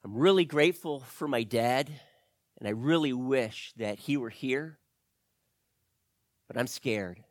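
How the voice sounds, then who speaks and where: A man's voice: mid-range voice, a little slow, long pauses, no room sound, clean studio sound, close to an everyday voice. A man voicing a worried, earnest boy on an expedition in a told story. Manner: earnest, confiding.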